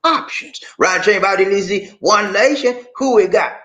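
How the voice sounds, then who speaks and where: A man vlogging in a casual live chat, animated and preachy, asking questions and answering them himself. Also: high-pitched, moderate pace.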